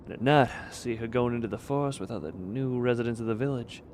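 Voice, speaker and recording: A man's voice: medium pitch, quick pace, darkish tone, a little hiss or hum, lightly acted. A man putting on a grave villager with a fake Russian accent. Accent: put-on Russian accent.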